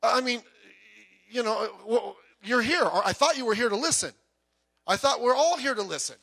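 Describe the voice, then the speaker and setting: Bright, high-voiced man preaching conversationally. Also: lively intonation, moderate pace, creaky. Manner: conversational preaching with asides and anecdotes. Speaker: pastor. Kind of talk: sermon. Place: church sanctuary. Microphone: PA microphone heard through speakers.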